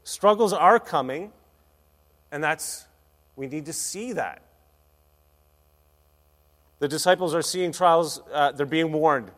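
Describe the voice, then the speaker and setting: A man preaching a sermon as a pastor, energetic and playful, with big swings in loudness. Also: on the high side, slow, pauses often. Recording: long hall reverb.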